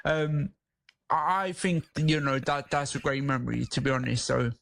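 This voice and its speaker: A man's voice: mid-range voice, moderate pace, vocal fry, no echo. A man, a regular guest on a radio show, chatting casually with slang and frequent restarts. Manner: relaxed, street slang, many restarts. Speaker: radio guest, disability campaigner. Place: radio studio.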